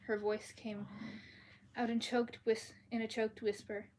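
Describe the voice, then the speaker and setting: A woman's voice: a little high, flat delivery, a little slow, a little mellow, a little hiss or hum. A woman reading a fantasy novel aloud at home on a livestream, in a casual, chatty way. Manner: casual, chatty, restarts words and apologizes. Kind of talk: live-streamed book reading with chat asides. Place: at home, dogs outside the door.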